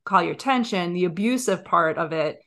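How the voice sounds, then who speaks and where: A woman's voice: fairly low pitch, animated, brisk, a bit bright. A woman podcast host in a casual interview, asking long, thoughtful framing questions.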